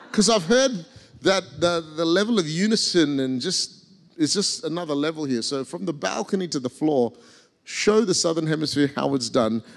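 A man preaching a sermon as guest speaker, emphatic and leading the congregation in call and response. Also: fairly high pitch. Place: large church hall with balcony. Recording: long church-hall reverb.

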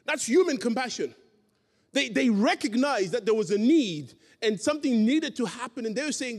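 A preacher with a high voice for a man delivers a sermon in a church hall. He tells his story with emphasis, acting out each voice in the dialogue. A long reverb trails every phrase. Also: expressive, fairly quick.

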